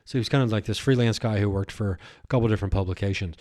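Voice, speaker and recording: A man hosting his own podcast as a comedian, talking in a rambling, excitable solo monologue full of restarts and riffs. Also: fairly low pitch, racing.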